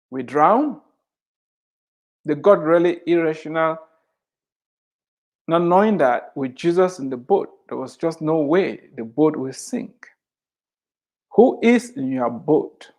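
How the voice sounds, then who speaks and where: A man's voice: fairly high pitch, expressive, a little mellow. A middle-aged man giving a devotional sermon, speaking emphatically and repeating scripture lines for emphasis. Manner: slow, emphatic preaching with drawn-out phrases. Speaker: Christian author and speaker.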